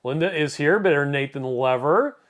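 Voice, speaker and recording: A man's voice: on the high side, animated, moderate pace. A man co-hosting a live stream, casually reading out viewer comments and joking along. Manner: reads comments aloud, joking and chatty.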